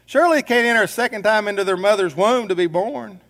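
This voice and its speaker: A man's voice: sits high, fast, fairly bright tone, pitched above the performer's own voice. A man doing a puzzled incredulous questioner.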